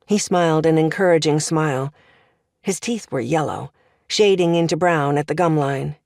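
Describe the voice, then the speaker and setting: A woman narrating an audiobook in a measured, expressive storytelling manner. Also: low voice, creaky, no room sound, clean studio sound. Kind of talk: scripted narration.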